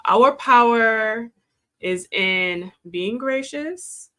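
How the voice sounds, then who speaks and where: A woman's voice: on the high side, very slow, bright, forceful tone, clean tone. A woman on a discussion panel who lectures other women listeners directly.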